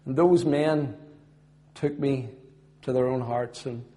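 A middle-aged man with a Belfast accent tells his testimony as a sermon, earnest, swelling loud on points of faith and then dropping low and soft. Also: steady tone, takes it slowly. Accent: Northern Irish, Belfast. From Northern Ireland. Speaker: former footballer giving testimony.

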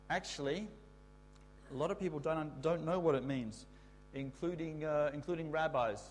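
A man giving a children's talk in church, explaining a word and leading the kids in call-and-response shouts. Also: medium pitch, a little hiss or hum. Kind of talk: children's sermon.

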